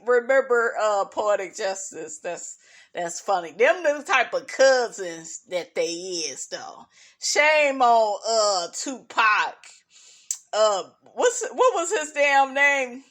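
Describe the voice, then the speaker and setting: A woman's voice: medium pitch, fairly bright tone. A woman chatting casually about a reality show, gossipy and blunt, laughing often and calling her listeners "honey" and "child.". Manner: blunt and profane. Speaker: reality TV commentary vlogger.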